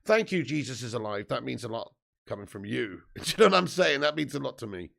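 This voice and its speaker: A man's voice: medium pitch, big pitch swings, fast, creaky, a bit bright. A man, just woken up and hosting a sweary, jokey live football watch-along, reading out viewer comments. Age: 30s. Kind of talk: casual live-stream chat and match commentary.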